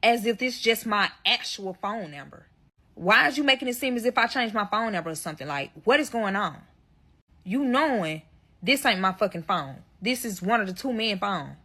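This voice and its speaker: A woman's voice: medium pitch, lively intonation, normal speed, bright, forceful tone. A woman telling a dramatic personal story to her viewers in a storytime vlog, swearing freely and talking straight to her audience.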